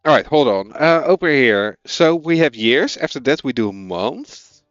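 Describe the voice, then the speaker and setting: A man's voice: mid-range voice, animated, unhurried, dry recording, dull audio, faint music behind. A man with a Dutch accent, a native Dutch speaker, thinking aloud as he codes and chatting with viewers on a casual live stream.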